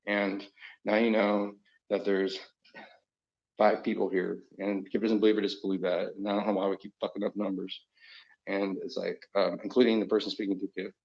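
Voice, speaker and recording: A man rambling through a profane solo livestream monologue, swinging between loud outbursts and muttering. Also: on the low side, level tone, normal speed, vocal fry. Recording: dull lo-fi recording.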